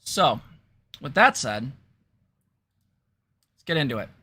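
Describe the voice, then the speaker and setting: Bright-voiced chatty woman host. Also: rumbling low, very animated, takes it slowly, slightly rough. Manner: chatty, conversational. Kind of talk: casual commentary.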